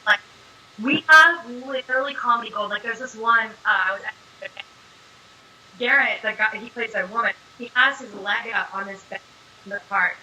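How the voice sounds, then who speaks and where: Bright-voiced chatty young woman. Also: a little high, moderate pace, dull audio, a little hiss or hum. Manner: chatty, animated storyteller, many fillers. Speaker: actress being interviewed. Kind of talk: casual interview chat.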